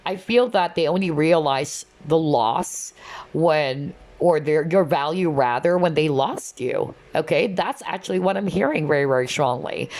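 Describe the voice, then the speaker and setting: A woman's voice: sits low, darkish tone. A woman giving a casual, chatty tarot reading, often checking in with "okay?" and "you know". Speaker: tarot reader.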